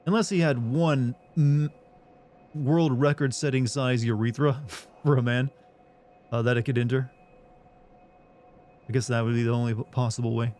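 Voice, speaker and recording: A man's voice: medium pitch, fairly even intonation, moderate pace, long pauses, darkish tone. A man streaming a game who argues with his chat in a casual, sarcastic way, swearing freely and sounding incredulous.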